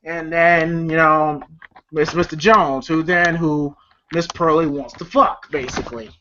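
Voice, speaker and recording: A woman's voice: low-pitched, fairly even intonation, measured pace, pushed and bright, highs cut off, slight background noise. A woman reviewing a movie in a rambling, profane way, retelling scenes with lots of fillers. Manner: rambling, profane, laughs often, many fillers. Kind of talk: casual retelling of film scenes.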